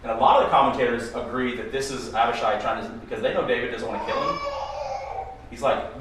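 A man casually leading a Bible study discussion, animated and acting out quotes in playful voices. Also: mid-range voice, fast talker, background noise. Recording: echoey room from far off with faint ambience.

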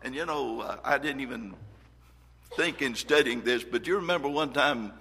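A man's voice: mid-range voice, normal speed, vocal fry, bright, forceful tone, big-room sound. A man preaching a sermon, reading scripture aloud with earnest emphasis and shifting volume.

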